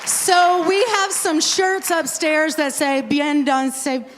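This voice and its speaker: A woman's voice: very high-pitched, slow, background noise. A woman pastor in her forties talking casually to a crowd, joking and rambling with asides. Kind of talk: casual talk to a conference crowd. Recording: long hall reverb.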